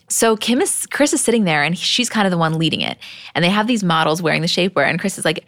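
A woman's voice: medium pitch, fast talker, dry recording, clean studio sound. A young adult woman co-hosting a podcast, chatting casually and retelling scenes with quoted lines. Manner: animated retelling, acting out quotes. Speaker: podcast co-host. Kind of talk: casual recap chat.

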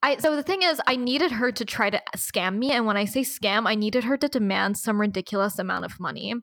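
A woman's voice: mid-range voice, brisk, a bit bright, no echo, clean studio sound. A woman co-hosting a casual chat, telling a story with sarcasm, swearing and laughter.

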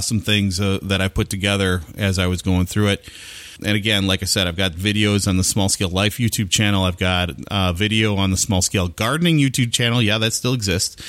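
A man's voice: fairly low pitch, fairly bright tone, no room sound. A man hosting a podcast, talking casually and chattily about gardening, rambling with fillers. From Minnesota. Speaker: podcast host.

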